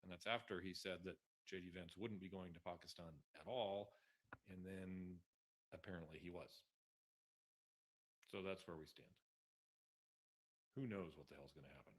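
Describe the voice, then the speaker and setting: Low voiced guy, sardonic news recap, dry and wry. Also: normal speed, pauses often. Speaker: political commentator. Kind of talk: news commentary.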